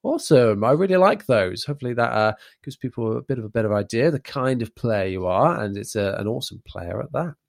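A male host in relaxed conversation with a guest. He sounds eager and friendly, laughs easily, and wanders a bit before landing on his questions. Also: medium pitch, brisk, gravelly, few pauses. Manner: enthusiastic, laughs often, rambling questions. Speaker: podcast host. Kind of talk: casual interview chat.

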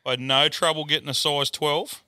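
A man's voice: a little high, fairly even intonation, moderate pace, pushed and bright, clean tone, no room sound, studio quality. A man from New South Wales, a podcast guest telling crude, boisterous stories.

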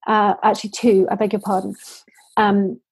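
A woman's voice: mid-range voice, little pitch movement, normal speed, a little mellow, breathy edge, no room sound, poor audio. A woman from the UK, telling heartfelt stories earnestly as an interview guest. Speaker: social entrepreneur guest. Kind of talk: interview storytelling.

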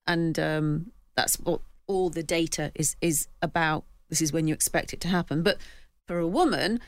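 A woman on a radio book panel, talking with growing indignation and sudden rises in pitch. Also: no echo. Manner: impassioned, rising pitch when indignant.

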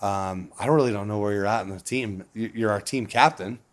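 A man with a fairly low voice tells long stories as an interview guest. He talks casually and swears freely. He often breaks into laughter along the way. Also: a little fast. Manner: profane, animated, laughs often. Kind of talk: casual storytelling.

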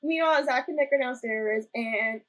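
A young woman co-hosting a casual chat recap of a ghost-hunting show, animated and laughing. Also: sits high, normal speed, low-quality recording. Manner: animated, laughing, retells scenes in quoted voices. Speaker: podcast co-host.

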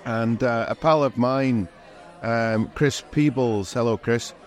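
A man's voice: medium pitch, slow. A man co-hosting a podcast, chatting casually with many fillers and chuckles. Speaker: podcast co-host. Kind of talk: casual chat.

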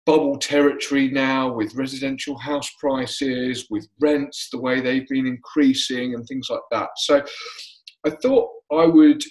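A man from the UK hosting his own podcast, talking off the cuff in a loose, self-described monotone with plenty of fillers and restarts. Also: mid-range voice, a little slow, rough recording. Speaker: podcast host. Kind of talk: unscripted solo monologue.

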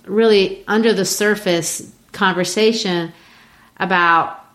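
A woman from Brazil talking casually about a play, retelling scenes in a lively way with frequent fillers. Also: medium pitch, takes it slowly. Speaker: co-host discussing a play. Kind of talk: casual literary discussion.

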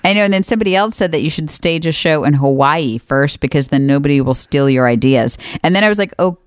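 A woman in her forties co-hosting a casual podcast chat, lively and laughing often. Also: deep voice, fast talker, clear, resonant tone, no echo, studio quality. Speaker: podcast co-host.

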